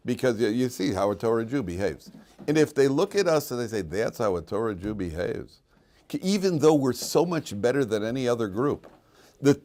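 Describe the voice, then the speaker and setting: A middle-aged man, a rabbi giving an informal Torah lecture to students, who acts out voices in his stories and laughs at his own jokes. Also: medium pitch. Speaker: rabbi teaching a weekly Torah class. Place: classroom at a Jerusalem yeshiva.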